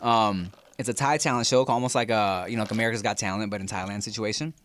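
A man co-hosting a podcast in casual chat, an animated storyteller who slips into voices. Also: fairly low pitch, fast. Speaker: podcast co-host.

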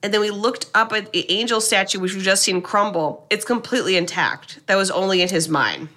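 Bright-voiced woman retelling a film. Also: medium pitch, fairly quick. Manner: lively retelling, acts out quoted lines, swears casually. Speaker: podcast co-host recapping a film. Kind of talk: casual chat.

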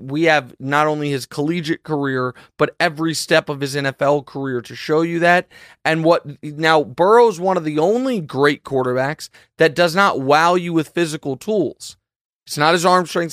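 A man hosting a sports podcast, talking in an animated, emphatic monologue full of quick asides and restarts. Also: on the high side, no echo, studio quality. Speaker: sports show host. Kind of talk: casual monologue.

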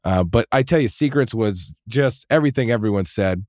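A man's voice: fairly low pitch, animated, brisk, darkish tone, dry recording, clean studio sound. A man casually telling a long, profane story, full of fillers and restarts. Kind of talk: casual chat.

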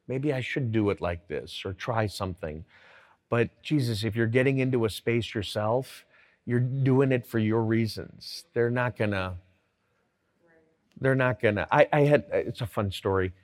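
A middle-aged man, a guest entrepreneur on stage, telling animated anecdotes full of quoted dialogue. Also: medium pitch, moderate pace. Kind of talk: storytelling on stage.

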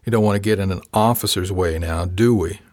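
A man voicing a crude male crewman sidekick who talks too loudly and sneers. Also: low voice, fast talker, dry recording, studio quality. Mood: sneering.

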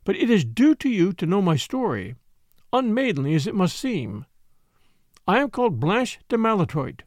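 A man's voice: high voice, sing-song, normal speed, no echo, clean studio sound. A man voicing a distraught young noblewoman in an audiobook, pleading and tremulous. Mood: weary. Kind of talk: audiobook character reading.

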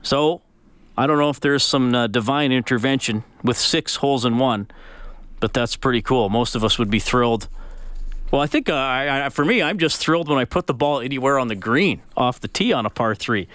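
A man's voice: medium pitch, normal speed, a bit bright, no echo. A man hosting a sports radio show, talking casually and telling stories with plenty of fillers. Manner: casual, storytelling, many fillers.

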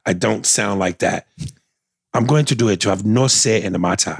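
Gravelly-voiced man on a comedy podcast. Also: lowish voice, moderate pace, dry recording, studio quality. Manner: reads listener letters aloud, loose and profane. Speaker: podcast co-host reading listener emails. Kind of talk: casual comedic chat.

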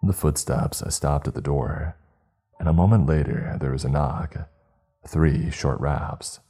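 A man narrating a first-person horror story in a measured, suspenseful way. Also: a bass voice, warm tone, breathy edge.

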